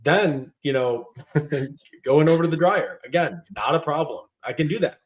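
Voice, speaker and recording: A man's voice: a little high, lively intonation, unhurried, slight background noise. A man in his thirties, a podcast co-host, griping with laid-back profanity in casual chat.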